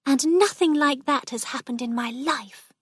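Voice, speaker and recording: A woman's voice: moderate pace, a bit bright, no room sound, clean studio sound. Woman voicing an eager, dreamy young girl. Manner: eager, girlish, higher voice.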